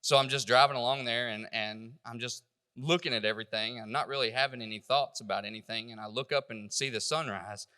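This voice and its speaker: A man giving a personal church testimony, halting and emotional, stumbling over his words. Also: medium pitch, pushed and bright, long reverb tail.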